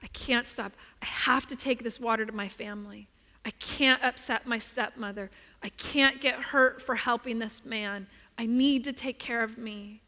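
A woman's voice: on the high side, steady tone, moderate pace, bright, forceful tone. A woman voicing a determined young man who refuses to stop and talks firmly and insistently in a sermon story. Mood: anxious. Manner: firm, insistent. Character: determined young man, a weary water-carrier. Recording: reverberant hall.

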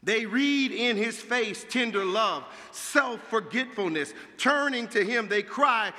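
High bright preacher guy, slow and dramatic, goes quiet then shouts, hall echo. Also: animated. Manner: dramatic, swinging from hushed to shouting. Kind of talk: sermon.

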